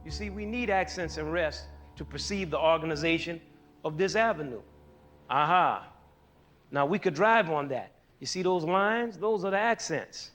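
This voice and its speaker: A man's voice: on the high side, normal speed. A man teaching a lesson on rhythm, asking his listeners questions and drawing out their answers. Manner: animated, asks the audience questions. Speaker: music teacher.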